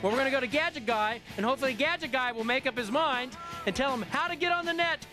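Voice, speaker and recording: A man's voice: very high voice, fast, few pauses, music in the background. A man hosting a call-in computer show, joking and teasing callers. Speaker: show host. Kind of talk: call-in radio talk show.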